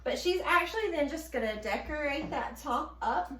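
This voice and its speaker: Southern woman host, high voice, upbeat and chatty, echoey kitchen demo. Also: animated, normal speed, pushed and bright. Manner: chatty, upbeat, with frequent ums and laughs. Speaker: host demonstrating her baking product. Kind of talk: casual cooking demonstration.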